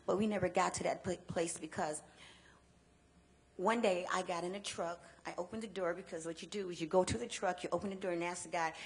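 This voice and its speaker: A woman's voice: fairly low pitch, fairly even intonation. A woman from Chicago giving a personal testimony talk, earnest and emphatic, repeating key phrases and stumbling into restarts when the memories press in. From Chicago, United States. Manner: earnest storytelling with emphatic repetition; halting restarts when emotional. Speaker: guest speaker and advocate.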